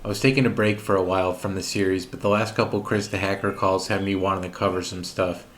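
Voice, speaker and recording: A man's voice: sits low, steady tone, quick pace. A man hosting a commentary series, narrating a script with sarcastic, mocking asides.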